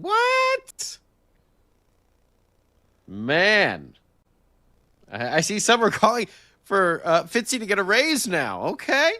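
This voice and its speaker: A man co-hosts a late-night sports podcast in an easy, joking way, calling out chat viewers one by one. He talks slowly, and his pitch rises and falls a lot. The mic sounds dry and close. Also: pushed and bright, dry recording. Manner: laid-back, joking, greets chat viewers by name. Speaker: podcast co-host.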